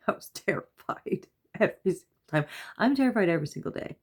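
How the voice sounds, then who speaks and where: A woman in her thirties with a notably low voice, chatting at home in a loose, rambling vlog. She laughs often and gets lively when she quotes herself. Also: normal speed, pauses often. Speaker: mother and vlogger. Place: at home before bed.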